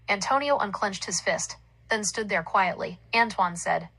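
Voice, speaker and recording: A woman narrating a story aloud in a plain, even storytelling manner. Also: medium pitch, normal speed, low-quality recording.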